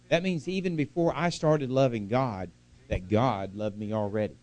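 A man's voice: mid-range voice, moderate pace, a little mellow. Folksy, chatty middle-aged man preaching. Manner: folksy, chatty, asks the congregation questions. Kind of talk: sermon.

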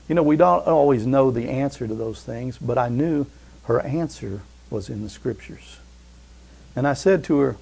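Gravelly preacher man, fervent sermon. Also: mid-range voice, normal speed. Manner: preaching storyteller, often calling out amen; swings between loud fervor and hushed softness. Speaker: pastor.

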